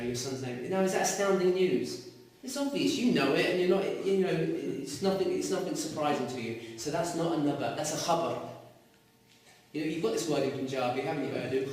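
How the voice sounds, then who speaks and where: A man teaching a class, lively and quizzing his students. His voice sits fairly high for a man. It is recorded from a distance in a very echoey room. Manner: lively, asks students questions. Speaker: Arabic teacher. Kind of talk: classroom lecture. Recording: echoey room, mic far off.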